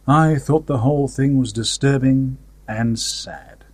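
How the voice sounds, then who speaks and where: A man's voice: mid-range voice, animated, unhurried, husky, no room sound. A man reading a story aloud in a wry, conversational first-person manner. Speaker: story narrator. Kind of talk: audiobook fiction reading.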